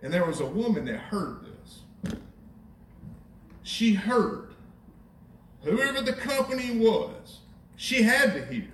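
High-voiced preacher in an echoey church. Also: male voice, big pitch swings, slow pace, long pauses, fairly bright tone, slight background noise. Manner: conversational preaching, rhetorical questions, repeats phrases. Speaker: pastor. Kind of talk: sermon. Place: church sanctuary. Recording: echoey church from a distant mic.

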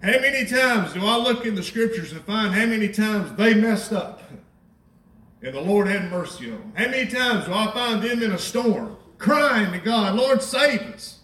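A high-voiced man preaches a sermon in a lively, conversational way, tossing in wry asides. His voice swings widely in pitch. He is picked up from a distance in an echoey church, with faint room sound behind him. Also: moderate pace. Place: church sanctuary.

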